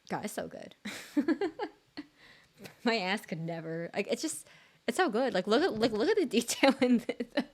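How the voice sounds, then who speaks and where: A young woman streamer chats loosely with her viewers, and her pitch swoops up and down. She rambles and restarts her sentences, fills them with little words, and giggles at herself. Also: big pitch swings, moderate pace. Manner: rambling, filler-heavy, giggly, self-deprecating. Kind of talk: casual live-stream chat.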